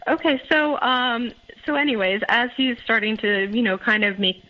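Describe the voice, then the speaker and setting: A woman's voice: a little high, moderate pace, dull audio. A young adult woman recounting her own experience in a casual, hesitant way, full of fillers and restarts. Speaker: guest. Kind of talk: casual personal account.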